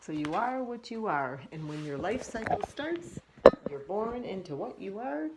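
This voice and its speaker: A woman preschool teacher reading aloud and explaining a lesson to young children in an animated way. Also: medium pitch, a little slow, very noisy.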